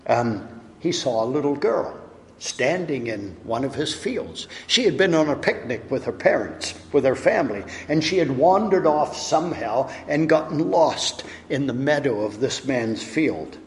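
Brief: male preacher, mid-pitched, earnest storyteller, big hall reverb. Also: animated, measured pace, slight background noise. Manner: earnest, storytelling, rising and falling emphasis. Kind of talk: sermon. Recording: long echo of a large hall.

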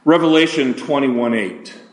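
An older man preaching a sermon, deliberate and slowing down, his voice dropping for emphasis. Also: mid-range voice, echoey room. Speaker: pastor.

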